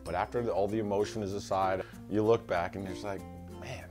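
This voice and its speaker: A man's voice: low voice, fast talker, over music. A middle-aged man telling a casual family anecdote, acting out quotes and laughing as he goes. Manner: animated storyteller who acts out quotes and laughs. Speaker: son telling a family story.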